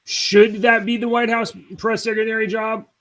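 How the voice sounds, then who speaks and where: A man's voice: high voice, little pitch movement, normal speed, fairly bright tone, poor audio. A man co-hosting a casual podcast, explaining things and laughing easily. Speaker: podcast co-host.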